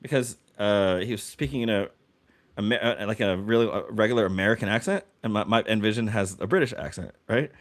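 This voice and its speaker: A man with a fairly low voice co-hosts a casual podcast. He talks excitably, tripping over his words and starting sentences again. His telling of a story rushes ahead. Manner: excitable, lots of restarts. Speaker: podcast co-host. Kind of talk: casual chat.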